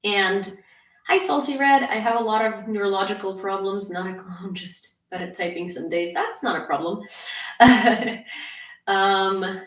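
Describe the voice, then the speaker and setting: A woman's voice: medium pitch, a little slow, echoey room, far from the mic, poor audio. A woman from Ukraine hosting a casual news livestream, talking bluntly and sarcastically and answering chat comments. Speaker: independent news streamer.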